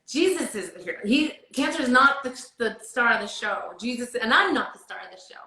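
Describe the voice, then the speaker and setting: A woman's voice: fairly high pitch, expressive, fairly quick, pushed and bright, roomy sound, rough recording. A woman guest telling a heartfelt, rambling story about her faith in casual chat. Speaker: guest singer. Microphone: video call.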